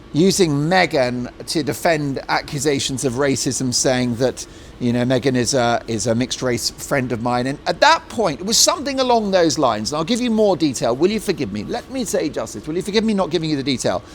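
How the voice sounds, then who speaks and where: A middle-aged man hosting an opinionated talk show monologue, mocking and animated, breaking into jokey put-on voices. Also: on the high side, slight background noise. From Britain.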